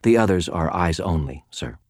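A man's voice: low voice, lively intonation, normal speed, darkish tone, dry recording, studio quality. A man voicing a fussy, reedy little wizard clerk who speaks with prim, polite disapproval.

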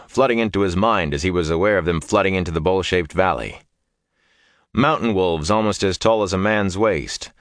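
A man reading a fantasy novel aloud as an audiobook narrator, in a measured, dramatic way. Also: low-pitched, no room sound, clean studio sound.

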